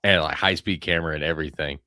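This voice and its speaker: A man's voice: very deep voice, steady tone, fast, sharp tone, no room sound, studio quality. A man co-hosting a casual podcast, talking loosely and swearing freely. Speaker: podcast co-host. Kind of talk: casual chat.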